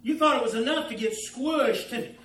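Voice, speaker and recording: A male pastor giving an animated, storytelling sermon in a church. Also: very high-pitched, moderate pace, echoey room, distant mic, very noisy.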